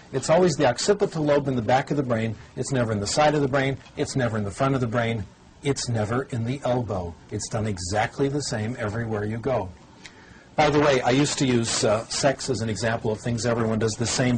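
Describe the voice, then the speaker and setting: A man's voice: mid-range voice, slight background noise, low-quality recording. An older man lecturing on language learning to a TV audience, conversational and wry, demonstrating as a teacher. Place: TV studio or lecture room.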